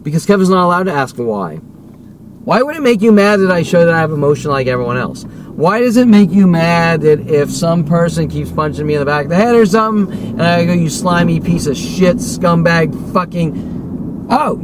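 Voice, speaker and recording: A man's voice: fairly high pitch, expressive, fairly quick. A man delivering an agitated, profane, rambling rant as a vlogger, repeating himself and swearing often. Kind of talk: unscripted rant to camera. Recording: noisy recording with vehicle sounds.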